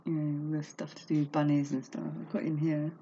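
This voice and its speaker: A woman's voice: deep voice, little pitch movement, brisk, mellow, a little hiss or hum. A woman talking openly and emotionally in a casual home vlog, reading from a book between chatty asides. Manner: emotional, open, chatty with laughs and self-talk. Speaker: vlogger reading a self-help book aloud. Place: home room. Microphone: laptop webcam mic. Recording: dull lo-fi webcam recording.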